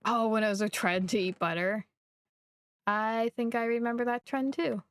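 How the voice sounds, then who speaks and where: A young woman from Missouri, chatting casually and rambling while she streams a game, quick to poke fun at herself. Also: on the high side, steady tone, clean tone, no room sound. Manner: rambling, chatty, self-deprecating. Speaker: livestreamer. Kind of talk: casual live gameplay chat.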